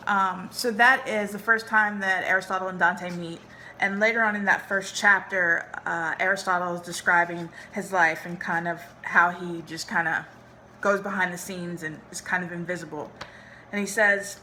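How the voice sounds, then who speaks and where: A woman's voice: on the low side, fairly even intonation, normal speed, pushed and bright, slight background noise. A woman hosting a book talk, speaking informally and enthusiastically with many fillers. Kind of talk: book talk with read-aloud.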